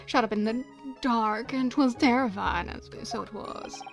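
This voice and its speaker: A woman's voice: a little high, a little slow, music in the background. A woman doing a folksy Irish man. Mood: reminiscing. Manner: folksy old-fashioned phrasing, accent attempt fading to American. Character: kindly Irish man, reminiscing and sentimental. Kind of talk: game dialogue read aloud.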